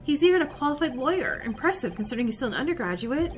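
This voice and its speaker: A woman's voice: high-pitched, very animated, rapid-fire. A woman voicing an earnest young male law student, read politely and eagerly over a video game, with faint game music behind.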